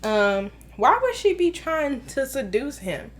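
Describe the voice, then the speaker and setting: A woman's voice: high voice, very animated, takes it slowly. A woman in her thirties giving an emphatic, exasperated casual film review, repeating herself for effect. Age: 30s. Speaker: movie reviewer.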